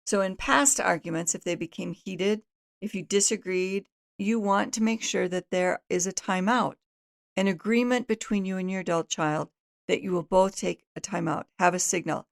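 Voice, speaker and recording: A woman's voice: mid-range voice, fairly even intonation, normal speed, vocal fry. A middle-aged woman hosting an advice talk, giving earnest, instructive guidance in numbered steps. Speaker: host and family counselor.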